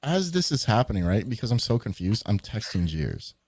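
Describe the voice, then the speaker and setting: Low, dry-voiced man telling stories. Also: fairly quick, breathy edge, dry recording. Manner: animated storyteller who swears freely. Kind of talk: casual livestream chat.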